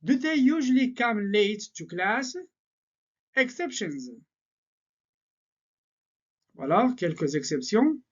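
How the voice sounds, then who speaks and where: A man whose first language is French, teaching an English grammar lesson and laying out word-order patterns slowly and deliberately. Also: sits high, very animated. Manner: slow, deliberate explaining with repeated patterns. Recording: slightly dull lo-fi sound.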